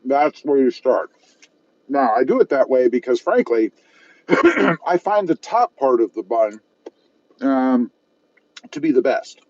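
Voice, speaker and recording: A man's voice: medium pitch, sing-song, takes it slowly, long pauses, darkish tone, dull audio. Chatty man live-streaming his lunch. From South Texas. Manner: chatty, self-mocking, reads viewer comments aloud. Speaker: car channel host reading live chat. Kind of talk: casual live-stream chat while eating. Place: parked car at a fast-food restaurant.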